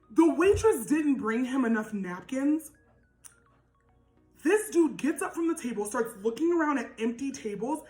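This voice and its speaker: A young woman with a naturally loud voice telling a storytime vlog, animated and laughing, with lots of "like". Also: a little high, reverberant, rough recording. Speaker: vlogger.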